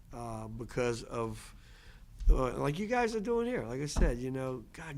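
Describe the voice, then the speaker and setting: A man's voice: medium pitch, darkish tone. Earnest man giving a casual lecture. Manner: conversational, repetitive restarts, earnest. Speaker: language teacher and lecturer. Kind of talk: casual lecture answering questions.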